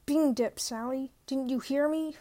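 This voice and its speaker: A woman reading aloud and voicing a gruff, greedy middle-aged stepfather who growls his demands loudly. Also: high voice, flat delivery, slow. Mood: growling.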